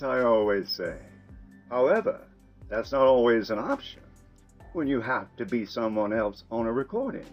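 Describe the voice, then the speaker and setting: An older Southern man with a low, husky voice talks in a folksy, unhurried monologue. The sound is a little muffled, with soft music playing underneath. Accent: Southern American. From American South. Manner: folksy, musing, soft chuckles. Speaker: vlogger. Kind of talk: casual reflective monologue.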